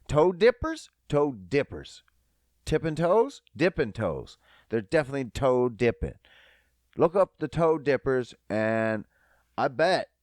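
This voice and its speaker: A man's voice: mid-range voice, dry recording, clean studio sound. A young man hosting a comedy podcast on his own, rambling, swearing and poking fun at himself. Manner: profane, rambling, self-mocking. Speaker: podcast host. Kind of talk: solo comedic podcast rant.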